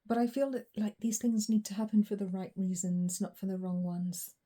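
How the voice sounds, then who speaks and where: A woman giving a collective tarot reading, talking in a reflective, unhurried way with frequent ums and pauses. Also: medium pitch, steady tone, dark tone. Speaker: tarot reader.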